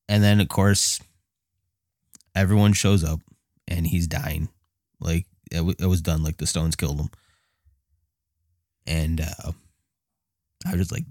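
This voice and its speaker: A man casually retelling a movie night, swearing freely and laughing often, jumping into high excited voices when reenacting his reactions. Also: no room sound, studio quality. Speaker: movie fan recounting a film. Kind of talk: casual personal storytelling.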